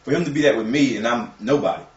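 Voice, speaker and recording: Earnest man talking fast, distant echo. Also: mid-range voice. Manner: earnest, filler-heavy, repeating words. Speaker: guest. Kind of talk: casual chat. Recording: roomy, distant, muffled live-stream audio with faint noise.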